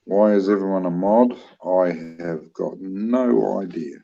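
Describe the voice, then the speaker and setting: Slow, low-voiced New Zealand man. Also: vocal fry, mellow, dull audio. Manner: easygoing, joking, answers chat comments. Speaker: livestream co-host reading chat. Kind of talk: casual livestream chat.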